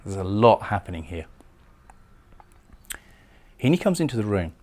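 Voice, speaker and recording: Man, poetry lecturer, low pitch, explanatory, repeats words. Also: very animated, moderate pace, a little mellow. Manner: explanatory, repeats words, reads lines aloud. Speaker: literature lecturer.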